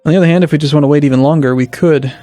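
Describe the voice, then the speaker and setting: A man casually commenting on his strategy game as a let's play host, thinking aloud with hesitant restarts and sudden bursts of excitement. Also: on the high side, rapid-fire, no room sound, soft background music.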